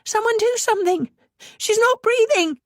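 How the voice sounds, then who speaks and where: A woman voicing a frightened young woman, the daughter, in an audiobook, speaking high and panicky. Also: steady tone, slow pace, dry recording, studio quality. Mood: panicked.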